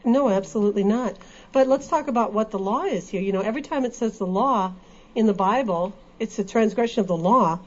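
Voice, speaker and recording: A woman's voice: medium pitch, brisk, a little mellow. A woman in a casual religious discussion, explaining earnestly. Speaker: co-host in a Bible discussion. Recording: dull lo-fi recording.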